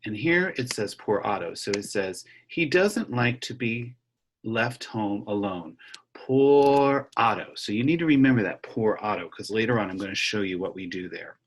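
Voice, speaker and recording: Husky man teaching kids a rhythm lesson. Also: fairly low pitch, expressive. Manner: gentle, patient, speaks slowly to children. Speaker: elementary music teacher. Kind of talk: online music lesson with read-aloud. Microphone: computer mic on a video call.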